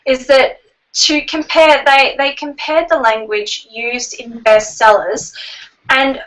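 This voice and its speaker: A woman's voice: high-pitched, fairly even intonation, slow pace, fairly bright tone, recorded from a distance, poor audio. A woman co-hosting a casual book-news podcast, chatting and rambling while she cites figures. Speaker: book blog co-host.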